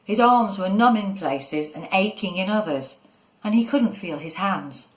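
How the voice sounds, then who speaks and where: A woman narrating a children's story in a measured, expressive way. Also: mid-range voice. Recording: echoey room.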